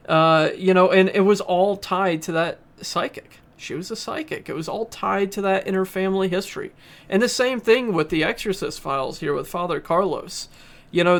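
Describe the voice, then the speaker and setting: A man's voice: a little high, gravelly, fairly bright tone. A man reviewing a podcast, earnestly retelling a story in a casual way with frequent filler sounds. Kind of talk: casual spoken retelling and commentary.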